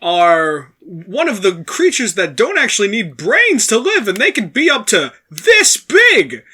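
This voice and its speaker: A man's voice: sits high, huge pitch swings, measured pace, sharp tone, husky, pitched above the performer's own voice, exaggerated voice. A man voicing a tiny male shark finger puppet that eagerly shares facts.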